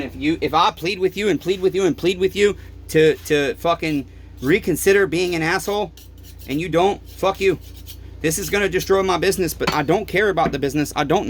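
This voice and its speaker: A man's voice: fairly high pitch, a little hiss or hum. A man who runs a small-engine repair shop, ranting angrily and pleading to the camera, swearing often and repeating himself. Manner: heated, profane ranting, pleading and repetitive. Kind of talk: angry monologue to camera.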